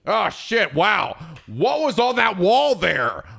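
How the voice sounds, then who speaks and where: Animated, gravelly-voiced male streamer. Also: high voice, slow. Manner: animated, profane, laughs a lot. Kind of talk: casual gaming chat.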